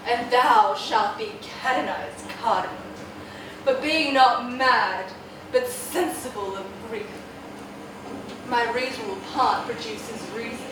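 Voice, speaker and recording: An actress playing a grieving, frantic royal mother half mad with loss, performing classical stage acting in an impassioned way. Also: sits high. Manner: impassioned, swinging between wailing and bitter laughter. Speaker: acting student. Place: rehearsal room. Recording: echoey room taped from far off, noisy.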